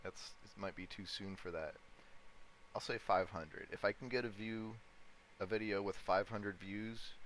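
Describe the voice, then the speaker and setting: A man's voice: low-pitched, a little hiss or hum, poor audio. A man livestreaming, thinking aloud in casual commentary while he chats with viewers and chuckles often. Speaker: livestreamer day-trading crypto. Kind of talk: casual live-stream commentary.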